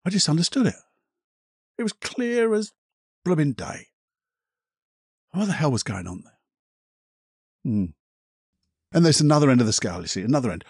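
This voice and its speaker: A middle-aged man with a husky, slightly rough voice tells a personal story on his solo podcast. He is reflective and candid, swears casually and pauses often. The sound is dry and close, with no room around it. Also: fairly high pitch, lively intonation, dry recording. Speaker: hypnotherapist podcast host.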